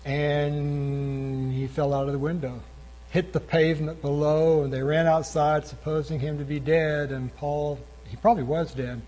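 A man delivering a sermon from the pulpit, his voice a little husky and pitched somewhat high. He preaches with passion, climbing to loud, emphatic peaks before easing back down. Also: level tone, unhurried, low-quality recording. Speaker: pastor.

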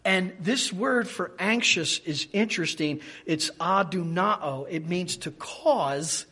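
A man preaching a sermon in a lively, animated way, often acting out quoted speech and restarting words as he thinks aloud. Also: high voice. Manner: animated, acts out quoted speech in changed voices.

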